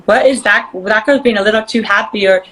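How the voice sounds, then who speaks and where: A woman guest in a casual interview chat, bubbly and quick to laugh, acting out voices as she tells stories. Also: medium pitch, fairly bright tone, poor audio.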